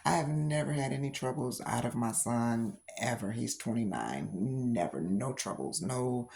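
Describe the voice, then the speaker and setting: A woman's voice: very deep voice, a little slow, vocal fry, slight background noise. A middle-aged woman who has grandchildren, telling a personal story in a casual doll-collecting vlog with frequent laughter. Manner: animated storytelling, laughs often. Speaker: reborn doll vlogger.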